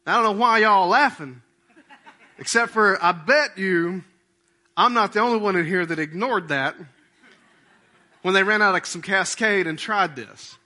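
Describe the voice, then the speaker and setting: A man's voice: sits high, moderate pace, long pauses, bright, forceful tone. A male pastor preaching a conversational sermon to his congregation, often checking in with questions. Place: church sanctuary with congregation.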